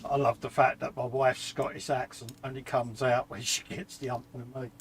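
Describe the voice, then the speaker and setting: A man's voice: mid-range voice, little pitch movement. A British man co-hosting a live model-making stream, chatting easily and joking at his own expense. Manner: easygoing, self-mocking, quick to agree. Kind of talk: casual chat while working on models.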